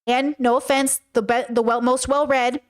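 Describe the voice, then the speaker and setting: A woman with a high voice tells a personal story to her live chat. She talks casually and candidly, and swears freely along the way. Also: little pitch movement, moderate pace, smooth. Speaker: streamer reacting to live chat.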